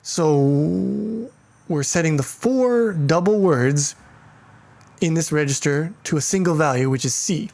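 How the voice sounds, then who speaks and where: Guy teaching code, jokey and crude, thinks out loud with lots of uhs. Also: a little high, expressive, slow pace, creaky. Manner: irreverent, joking, profane asides; thinks aloud with fillers and restarts. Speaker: programming teacher. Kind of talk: casual coding tutorial.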